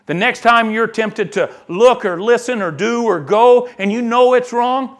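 A male pastor delivers a sermon in a high, light voice. He is animated and dramatic, acting out the people in the scripture he reads and moving from hushed asides to loud emphatic lines. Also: a little slow. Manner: animated preaching, acts out quoted voices, swings from soft asides to loud emphasis.

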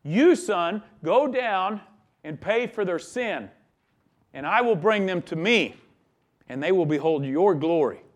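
A man's voice: sits high, animated, takes it slowly. A man preaching a sermon, emphatic, with his voice rising and dropping in volume. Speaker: pastor.

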